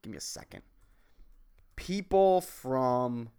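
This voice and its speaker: Man, 30s, solo podcast rant: profane and rambling, and his pitch swings all over the place. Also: big pitch swings, takes it slowly, warm tone, clear, resonant tone. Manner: rambling, profane, says "dude" and "man" constantly; jumps between topics, self-mocking. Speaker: podcast host.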